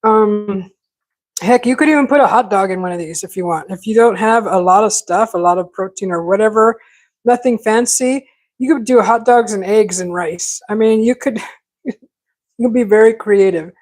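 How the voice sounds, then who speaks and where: A woman hosting a casual cooking vlog, rambling in a relaxed way with many fillers and restarts. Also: medium pitch, moderate pace, low-quality recording. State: talking with mouth full at times. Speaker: cooking channel host.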